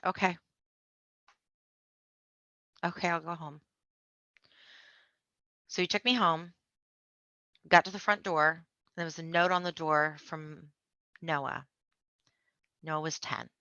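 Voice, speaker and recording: A woman with a low yet bright, forceful voice recounts her own story as a podcast guest. She tells it vividly, slipping into the voices of the people in it. The recording is dry and a little dull. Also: steady tone, unhurried, long pauses, clean tone, no room sound. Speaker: interview guest. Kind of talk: personal storytelling. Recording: dull, muffled podcast audio.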